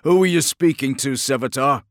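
A man's voice: mid-range voice, normal speed, no room sound, studio quality, voice pushed up, lightly acted. A man voicing a stern armored jailer. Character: cold armored male jailer, contemptuous.

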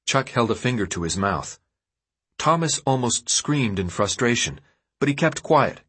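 A man narrating an audiobook in a steady, even storytelling voice. His tone is husky, sitting at a mid pitch for a man. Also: unhurried. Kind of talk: scripted narration.

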